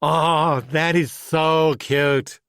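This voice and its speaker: A man's voice: mid-range voice, expressive, unhurried, a bit bright, no room sound. Man voicing a smug young clerk, condescending, dry close sound. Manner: condescending, grinning.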